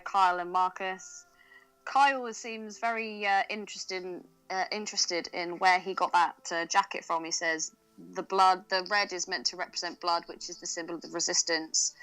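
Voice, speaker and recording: A woman's voice: medium pitch, sharp tone, clean tone, rough recording. A woman co-hosting a casual podcast chat, laughing often and using slang. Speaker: podcast co-host.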